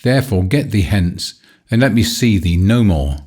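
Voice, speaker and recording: Proud mean fairy-tale boy, hard scornful old-fashioned talk, read by a guy with a deep voice. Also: expressive, moderate pace, dark tone, slightly rough. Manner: hard, scornful, archaic speech. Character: proud cruel boy, the star child.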